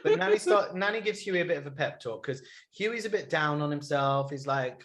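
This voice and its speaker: A man's voice: on the high side, lively intonation, a little fast, hardly any pauses, fairly bright tone. A young man hosting a podcast, recapping a TV episode in casual banter with lots of ums. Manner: bantering, filler-heavy recap. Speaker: podcast host. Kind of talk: casual chat.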